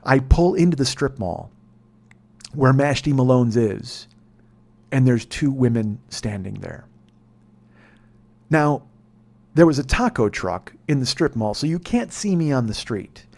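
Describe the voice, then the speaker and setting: A man hosting a podcast, telling a profane, ranting comedic story that swings between muttering and loud exasperation. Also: medium pitch, animated, a little slow, vocal fry, long pauses. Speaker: podcast host. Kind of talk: rambling comedic monologue.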